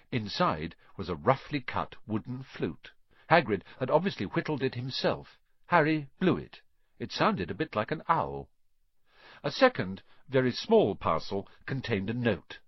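Male narrator, husky, animated delivery, dry, lo-fi sound. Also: medium pitch, normal speed, no room sound. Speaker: audiobook narrator. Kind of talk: scripted narration. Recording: dry, slightly dull lo-fi sound.

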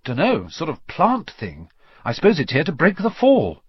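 Storybook role: male reader as a calm, level-headed boy wizard, lively pitch. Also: moderate pace, husky, no echo, exaggerated voice. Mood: reassuring. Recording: slightly dull lo-fi recording.

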